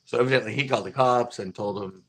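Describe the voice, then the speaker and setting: A middle-aged man hosting a fishing channel, telling a long story in a rambling, animated way full of fillers. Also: medium pitch, fast talker. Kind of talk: casual livestream storytelling.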